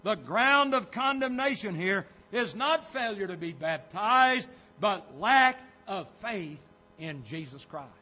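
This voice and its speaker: Emphatic preacher, high bright voice. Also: male voice, expressive, takes it slowly, dull audio. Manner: emphatic preaching, rising on quoted scripture. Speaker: pastor. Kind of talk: sermon.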